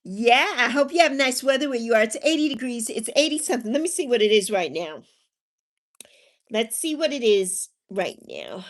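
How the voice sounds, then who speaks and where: A woman's voice: on the high side, lively intonation, moderate pace. A woman hosting a casual livestream, chatting with viewers in a bubbly, sing-song way and drawing out her words. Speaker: livestream host.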